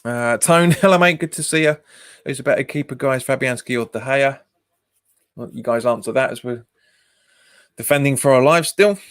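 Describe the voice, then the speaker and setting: A man's voice: medium pitch, normal speed, fairly bright tone, clear, resonant tone. A man, hosting a football watch-along stream, chatting casually, laughing often and reading out viewer comments. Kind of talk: casual live commentary and chat.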